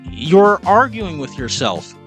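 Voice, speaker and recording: A man's voice: high voice, slow, soft background music. Exasperated mocking male commentator. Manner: mocking, exasperated, keeps saying calm down. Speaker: commentator reacting to clips. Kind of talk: opinion commentary.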